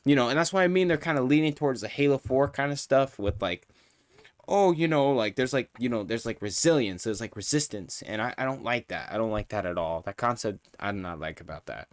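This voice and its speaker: A man's voice: medium pitch, animated, brisk, no echo. A man streaming live, ranting in a profane, heated, rambling way while reviewing a show.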